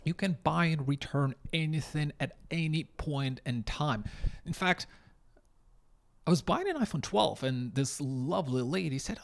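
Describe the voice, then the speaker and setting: A young man from Ukraine, telling a story to camera in a blunt, animated way and swearing freely. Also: on the high side, unhurried, gravelly. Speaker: vlogger.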